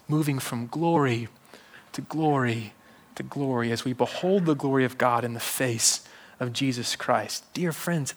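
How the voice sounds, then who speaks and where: Male preacher, conversational sermon delivery with humor, slightly higher-pitched. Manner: conversational, jokes with the congregation.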